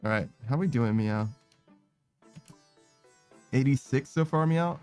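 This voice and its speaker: A man's voice: mid-range voice, darkish tone, soft background music. Laid-back streamer man saying "meow" constantly. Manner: tacks a quick "meow" onto nearly every phrase; rambling, laid-back, swears casually. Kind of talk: casual gaming stream chat.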